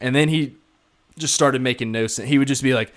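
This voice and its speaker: A young man in casual podcast chat, recounting a wild night with friends at a middle pitch. He talks animatedly, swears freely and laughs through his own story. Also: a little fast, fairly bright tone. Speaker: podcast co-host.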